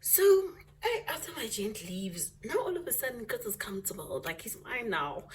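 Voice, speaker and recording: A young woman vlogger telling a story to her viewers in a dramatic, animated way, laughing often. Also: fairly high pitch, moderate pace. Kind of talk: storytime chat.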